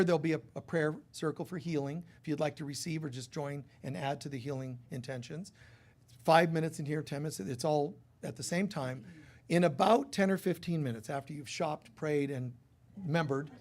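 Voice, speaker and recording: A man's voice: fairly high pitch, a little mellow. A man leading a church service, giving rambling, chatty announcements with many fillers to a congregation.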